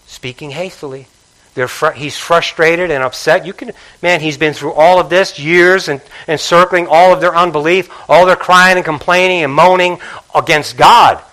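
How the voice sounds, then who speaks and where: A man preaching a sermon with passion, dropping to a hush and then rising to call out to the congregation. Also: a little high, poor audio. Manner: passionate, swings between hushed and loud, calls out to congregation.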